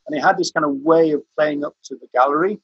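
Husky man telling a long anecdote. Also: on the high side, fast, dry recording, muffled recording. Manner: rambling storyteller, frequent restarts, chuckling. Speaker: interview guest, veteran activist. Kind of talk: casual anecdote telling on a video call. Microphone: video call.

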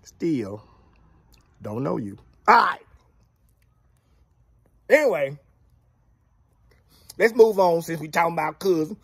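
A man's voice: fairly high pitch, sing-song, slow pace, vocal fry, long pauses, husky, no room sound. A man giving a casual football recap, drawling and playfully trash-talking. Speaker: sports commentator vlogger.

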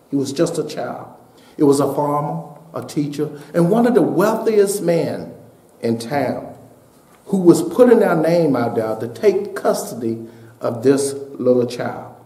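A man preaching a sermon as pastor, building to shouted peaks and dropping to a hushed voice for a story. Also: a little high, roomy sound. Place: church sanctuary.

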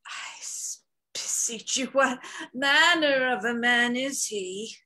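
A woman's voice: fairly high pitch, sharp tone. A woman reading as a timid disguised young page. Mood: anxious. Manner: hesitant, measured reading. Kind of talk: Zoom play reading. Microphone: video call.

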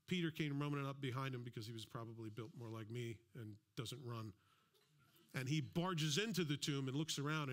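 A man at a mid pitch preaches a sermon in a church, talking to the congregation in a loose, conversational way. He drops in asides and briefly acts out the people he quotes. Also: fairly bright tone. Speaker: pastor.

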